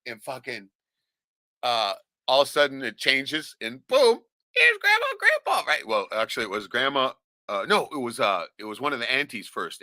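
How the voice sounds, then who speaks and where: A man's voice: medium pitch, pushed and bright, dry recording. A middle-aged man from Alaska telling a rambling, profane story in casual talk, laughing often and tagging lines with "right?". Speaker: vlogger.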